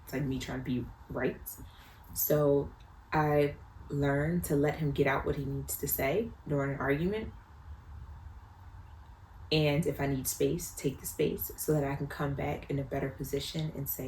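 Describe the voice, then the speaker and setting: A woman with a low, grounded voice shares parenting lessons in an earnest, reflective way. She leans on repeated phrases for emphasis. The room around her is roomy and echoey, with faint noise underneath. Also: steady tone, unhurried, a little mellow. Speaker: parenting vlogger, mother. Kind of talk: casual advice talk to camera.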